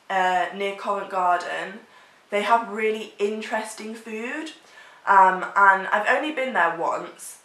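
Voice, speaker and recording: A woman's voice: medium pitch, a bit bright. Woman, young adult, vlogger, chatty and rambly, casual chat, roomy echo. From England. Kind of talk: casual chat answering tag questions.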